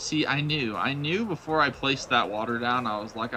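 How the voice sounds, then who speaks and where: A man's voice: mid-range voice, normal speed, pushed and bright, a little hiss or hum. A young man streaming live gameplay, chatting playfully with his viewers and mocking his own blunders. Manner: playful, self-mocking, talks to chat.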